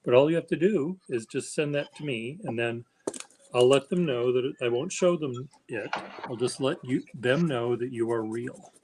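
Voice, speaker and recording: A man's voice: medium pitch, normal speed, darkish tone, a little hiss or hum, rough recording. A man hosting a live chat stream, talking in a rambling, playful, teasing way. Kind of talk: casual livestream chat.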